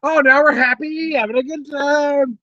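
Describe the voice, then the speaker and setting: A man's voice: very high voice, fairly even intonation, moderate pace, pushed and bright, no room sound, muffled recording. A man hosting a casual drinking video, laughing often and swearing as he jokes around. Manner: giggly, profane, keeps laughing at his own jokes. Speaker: beer and whiskey vlog host. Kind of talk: casual, rowdy drinking chat.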